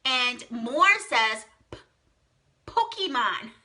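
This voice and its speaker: In a live online lesson, a young female teacher plays a phonics game with children, warmly praising the guesses she reads aloud. She talks slowly and clearly, gasping with excitement, her very bright voice sweeping widely in pitch.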